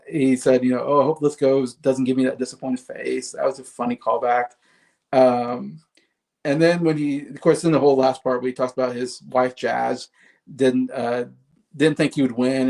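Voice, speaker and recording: Chatty man with a gravelly voice. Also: mid-range voice, darkish tone. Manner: chatty, laughs often, frequent fillers and restarts. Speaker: movie commentator. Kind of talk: casual solo commentary.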